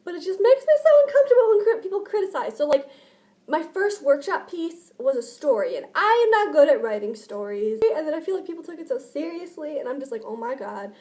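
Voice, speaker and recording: High-voiced chatty woman vlogging. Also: big pitch swings, quick pace, warm tone. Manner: rambling, chatty, many filler "like"s. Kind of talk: casual vlog chat. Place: indoors at home, by a window.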